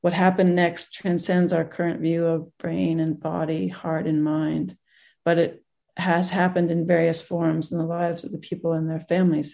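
A group teacher reading a moving story aloud in a gentle way, with pauses and restarts. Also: medium pitch, vocal fry.

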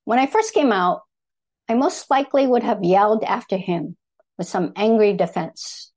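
An older woman from Thailand reading her personal essay aloud to an audience in a measured, deliberate way, pausing to correct herself now and then. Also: mid-range voice, lively intonation, darkish tone.

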